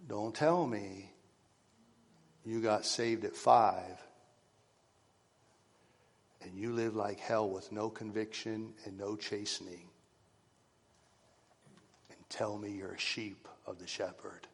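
A man preaching a sermon to his congregation, swinging from loud rising calls to hushed, whispered lines. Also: on the low side, fairly even intonation, slow, long pauses, slightly rough. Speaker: pastor. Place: church sanctuary. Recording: long reverb of a church hall.

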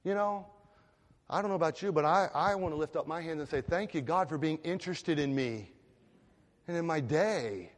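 A man preaching a sermon as pastor, building into loud, impassioned, repeated declarations. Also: fairly high pitch, moderate pace. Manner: impassioned preaching that swells to loud emphatic repetition. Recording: long reverb of a large hall.

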